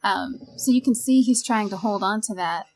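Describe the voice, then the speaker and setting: A woman's voice: medium pitch, normal speed. A woman co-hosting a podcast, casually discussing a film and retelling its scenes with quoted lines. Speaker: podcast co-host.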